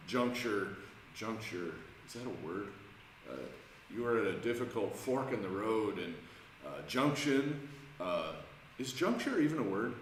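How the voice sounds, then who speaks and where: A man's voice: mid-range voice, slight background noise. A man leading an informal Bible study, talking conversationally with many restarts and questions to the group. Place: church room. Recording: echoey church room, faint ambience.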